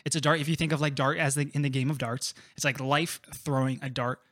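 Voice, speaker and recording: A man co-hosting a recovery workshop talk, explaining in a relaxed way, full of "like" and run-on examples. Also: mid-range voice, no echo. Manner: relaxed, drawn-out explanations with many "like" fillers. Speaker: podcast co-host.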